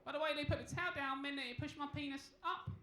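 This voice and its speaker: A man's voice: extremely high pitch, fast. A young man doing a crude, cheeky stand-up set on a comedy club stage. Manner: cheeky, crude, deadpan storytelling. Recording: echoey club room, faint noise.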